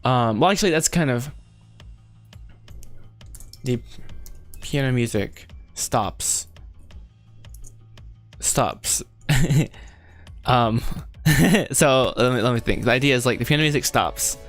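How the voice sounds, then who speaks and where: A man's voice: medium pitch, unhurried, pauses often, a bit bright, soft background music. A man chatting casually on a livestream while writing a script, rambling, correcting himself and laughing often. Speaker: animation filmmaker livestreaming his script writing.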